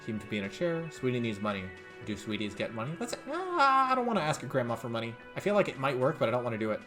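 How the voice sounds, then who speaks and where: A man's voice: medium pitch, wildly swooping pitch, fast talker, bright, forceful tone, faint music behind. A man hosting a game playthrough, chatting casually and poking fun at himself as he reads the game text. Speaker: let's play host. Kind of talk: casual gameplay commentary.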